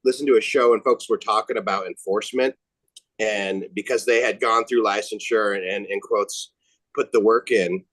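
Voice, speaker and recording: A man's voice: lowish voice, steady tone, normal speed, fairly bright tone, no echo, poor audio. A man guest chatting casually, telling a rambling story about his past. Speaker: guest grower. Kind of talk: casual chat.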